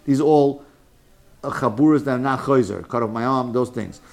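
A man teaching a lively Talmud class, mixing Hebrew and Yiddish terms and joking with his students. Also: medium pitch, moderate pace, creaky.

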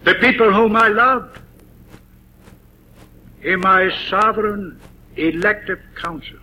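A man preaching a sermon, deliberately stressing single words, with frequent "uh" pauses. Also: high voice, pushed and bright, slight background noise, poor audio.

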